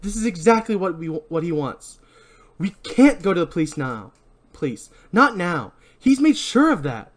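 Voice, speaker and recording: A man reading out the lines of an angry, paranoid young man in a loud, strained, raised voice. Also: sing-song, normal speed. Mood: angry shouting. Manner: shouting, accusing, high-pitched strain.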